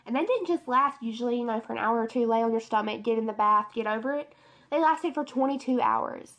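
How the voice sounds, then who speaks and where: A woman's voice: a little high, a little fast, a bit bright. A young woman telling a personal testimony story in a rambling, emotional way, full of fillers, in her bedroom. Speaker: beauty vlogger.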